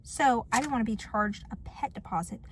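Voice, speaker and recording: A woman's voice: on the high side, brisk, a little hiss or hum. A young woman telling a story on her couch in a sassy, dramatic, mocking vlog style. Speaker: vlogger. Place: apartment living room.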